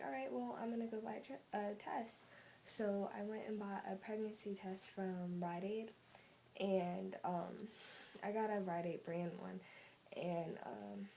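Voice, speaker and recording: A woman's voice: medium pitch, mellow, a little hiss or hum, rough recording. A teenage girl telling a story in a casual vlog, rambling with lots of "like" and "um" fillers. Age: teens. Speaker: vlogger. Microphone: phone camera.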